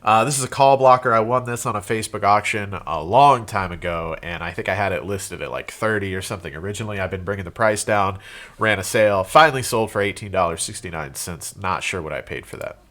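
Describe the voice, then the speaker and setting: A man's voice: on the low side, fast talker, fairly bright tone. Congested man chatting casually about resales. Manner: rambling, loose with fillers and restarts. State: congested from a cold. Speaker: reseller vlogger. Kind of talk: casual show-and-tell vlog.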